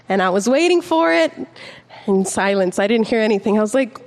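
A woman's voice: mid-range voice, expressive, darkish tone. Young woman preaching in a reverberant hall. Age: young adult. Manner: earnest, chatty, slow when reading scripture. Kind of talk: sermon.

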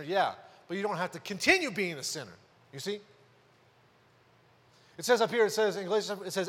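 Male pastor, high pitch, chatty sermon delivery with loud emphatic peaks, hall reverb. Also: animated, moderate pace, long pauses, husky. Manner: conversational preaching, rhetorical questions, rises to loud emphasis.

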